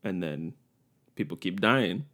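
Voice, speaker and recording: Young male podcast co-host, very low register, loose and rambling, quick to laugh. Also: animated, a bit bright. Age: young adult. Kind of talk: casual chat.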